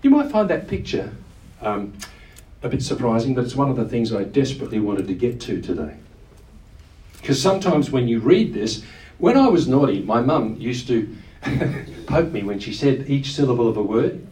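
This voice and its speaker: A man preaching with earnest emphasis, his voice standing back from the microphone in a room that echoes. He draws out quoted lines and leans hard on key words, in a middle pitch for a man. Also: very animated, moderate pace, darkish tone, distant mic. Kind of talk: sermon.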